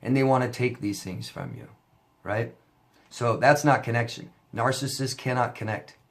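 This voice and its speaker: A man's voice: medium pitch, normal speed. A man, a relationship coach, talking casually to camera, telling a story with lots of fillers and restarts before turning to advice.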